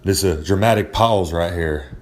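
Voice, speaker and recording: A deep-voiced man, speaking at normal speed and only lightly acting, plays a braggart pro wrestler character. The recurring segment host's comedic monologue is rambling and cocky, and he condescends to listeners throughout.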